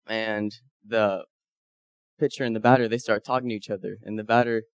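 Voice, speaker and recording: Lively storytelling man, slightly low voice. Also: fairly quick, no room sound. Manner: animated, acts out quoted dialogue. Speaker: mission trip member sharing photos. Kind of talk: casual storytelling to a group.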